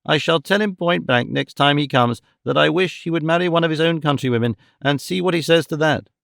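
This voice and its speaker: A man's voice: on the high side, fairly quick, vocal fry, fairly bright tone, no room sound, clean studio sound. A man voicing a fussy, scatterbrained middle-aged mother who talks emphatically and exclaims often.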